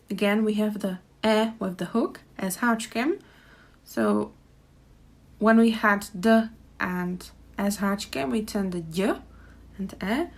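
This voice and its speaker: Slow-speaking Czech woman teaching pronunciation. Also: medium pitch. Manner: careful, repeats words slowly for learners. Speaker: language teacher. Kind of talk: pronunciation lesson.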